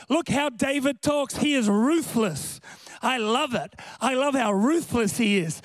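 Man, passionate pastor, very high voice, slow deliberate delivery, music behind. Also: expressive, no room sound. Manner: impassioned, builds to shouting. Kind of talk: sermon. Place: church service with worship band.

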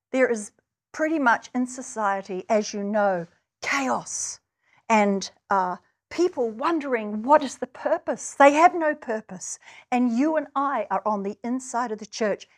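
A woman's voice: fairly high pitch, lively intonation, unhurried. A woman from New Zealand preaching a sermon, earnest, and building to emphatic, stirring passages. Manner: earnest, rises to emphatic exclamations.

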